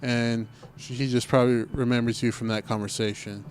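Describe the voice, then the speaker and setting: A man's voice: medium pitch, little pitch movement, brisk, a little mellow. A young man telling a casual story on a podcast recorded in a car, acting out what people said. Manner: laid-back storytelling, acts out quoted talk. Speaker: podcast co-host. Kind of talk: casual chat.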